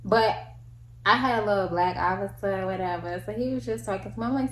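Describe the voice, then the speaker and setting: A young woman telling a casual storytime, slangy and animated, acting out the people in it with big jumps in pitch. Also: fairly quick. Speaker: vlogger. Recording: echoey room with faint ambience.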